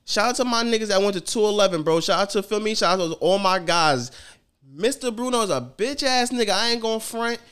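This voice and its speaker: A man's voice: sits high, animated, fairly quick, a bit bright, clear, resonant tone. A man co-hosting a podcast, telling stories in slangy, profane casual chat. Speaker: podcast co-host.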